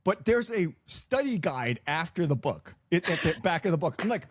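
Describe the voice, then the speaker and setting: A middle-aged father in casual podcast chat, ranting and laughing through halting restarts. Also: high voice, big pitch swings, slight background noise.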